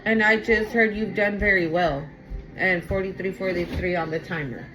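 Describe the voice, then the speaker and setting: A woman's voice: mid-range voice, moderate pace, music in the background, poor audio. A woman giving a casual spoken tarot reading to her viewers, talking in an emphatic, repetitive way. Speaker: tarot reader.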